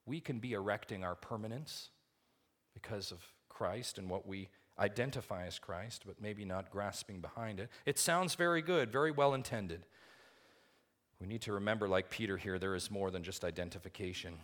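A male pastor preaching a sermon, swinging from loud, rising emphasis to quiet, low asides and asking the congregation rhetorical questions. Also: lively intonation, moderate pace.

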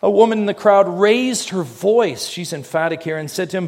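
A man's voice: high voice, normal speed, few pauses, a little mellow. A man preaching a sermon as pastor, emphatic, drawing the congregation in with rhetorical questions he answers himself.

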